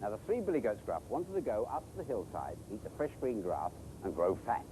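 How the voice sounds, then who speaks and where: A man presenting children's TV, telling a story in a playful, animated way. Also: fairly low pitch, a little fast, a little hiss or hum, low-quality recording.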